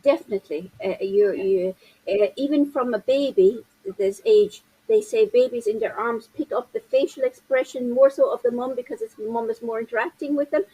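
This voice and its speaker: A woman's voice: fairly high pitch, normal speed, warm tone, husky, poor audio. A woman in her fifties, a parenting coach, talking animatedly and gesturing with her hands as she explains in an interview. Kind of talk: interview conversation.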